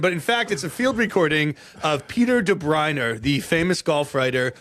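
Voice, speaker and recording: A man co-hosting a podcast, telling golf history in a casual, animated way, with dramatic flourishes and frequent laughs. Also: fairly high pitch, moderate pace. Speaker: podcast co-host.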